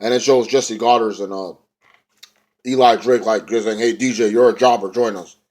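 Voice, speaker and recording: A man's voice: fairly low pitch, fairly even intonation, normal speed, darkish tone. A young man casually recapping a wrestling show, rambling in slang and now and then mimicking the wrestlers. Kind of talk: casual recap, retelling a show with quoted voices.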